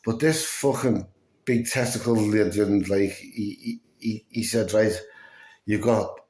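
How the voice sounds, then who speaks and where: Tired bloke swearing a lot, deep voice, echoey room. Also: male voice, fairly even intonation, takes it slowly, a little mellow. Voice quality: breathless, fatigued. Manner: swears a lot, acts out quoted dialogue. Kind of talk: casual storytelling vlog.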